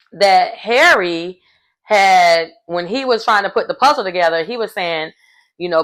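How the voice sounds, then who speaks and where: Chatty animated woman recapping a show. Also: lowish voice. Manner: animated, laughs often, acts out quotes. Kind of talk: casual chat recap.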